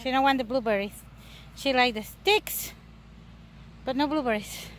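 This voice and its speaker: A mother vlogging outdoors at a farm, talking slowly to her toddler in coaxing baby talk and making animal sounds. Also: sits high. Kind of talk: casual vlog narration while talking to a toddler. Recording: noisy outdoor camera audio. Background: outdoor noise and animals.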